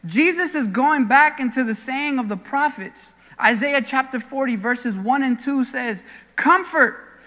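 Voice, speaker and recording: A male pastor with a very high, bright, forceful voice delivers a sermon in an earnest, conversational way, mixing in stories from his own life. His words ring out with the long reverb of a church hall. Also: a little slow, few pauses. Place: church sanctuary.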